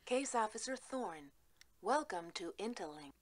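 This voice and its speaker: A woman voicing the calm, official computer interface of a 1990s spy video game, announcing messages in a measured way. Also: medium pitch, music in the background, lightly acted. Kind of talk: 1990s game system prompt.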